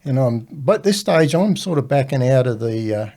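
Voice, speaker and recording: Laughing older Australian storyteller. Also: male voice, medium pitch, moderate pace. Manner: animated yarn-spinner who laughs at his own stories. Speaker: podcast guest. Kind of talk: casual storytelling.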